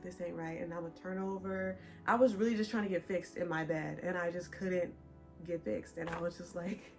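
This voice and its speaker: A young pregnant woman chatting casually to her viewers, laughing often as she tells a story. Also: fairly low pitch. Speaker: vlogger. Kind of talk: casual chat.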